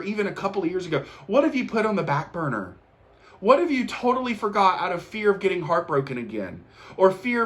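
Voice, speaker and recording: A man with a high voice hosts his own show, giving the viewer an earnest motivational monologue. He keeps repeating encouragements and often restarts sentences as he grows emotional.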